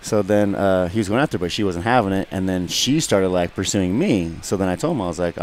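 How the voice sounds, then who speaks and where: A man's voice: sits low, expressive, fast talker, a little mellow, a little hiss or hum. A man telling a rambling, profane story in casual radio chat, acting out what people said. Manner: profane, rambling, acts out quotes. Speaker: guest fighter.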